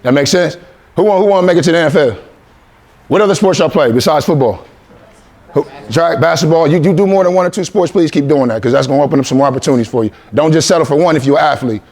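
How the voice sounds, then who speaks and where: A man's voice: a little high, fast talker, a little mellow. A man in his forties from Columbus, Ohio, giving a motivational talk to young athletes, coaxing and repetitive with call-and-response lines. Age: 40s. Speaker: motivational speaker.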